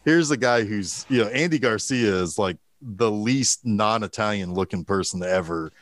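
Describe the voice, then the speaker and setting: A man's voice: lowish voice, moderate pace, a bit bright, no room sound. A man co-hosting a casual movie talk, retelling scenes with energy, quoting lines in voices and laughing. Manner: swears casually. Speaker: podcast co-host.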